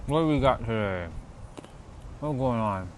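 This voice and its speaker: A man's voice: mid-range voice, lively intonation, measured pace, a little hiss or hum. A man hosting a casual spiritual livestream, chatting loosely with viewers and rambling with many fillers.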